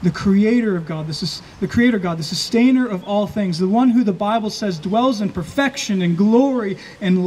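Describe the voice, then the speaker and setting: A pastor preaching an earnest sermon, slowing down and stressing key phrases. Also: male voice, sits high, a little mellow, slight background noise.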